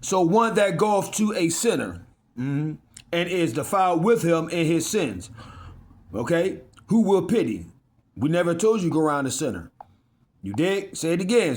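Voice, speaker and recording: A man preaches an informal sermon, reading old scripture slowly and emphatically, then breaking into slangy asides. His voice is fairly high and a little mellow, with big swings in pitch.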